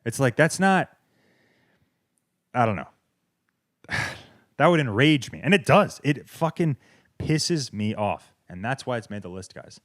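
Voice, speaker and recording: A man's voice: mid-range voice, sing-song, measured pace, pauses often, no echo, clean studio sound. A man, hosting a podcast and ranting sarcastically with heavy swearing. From American South. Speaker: podcast host. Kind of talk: comedic rant. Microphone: wireless clip-on mic.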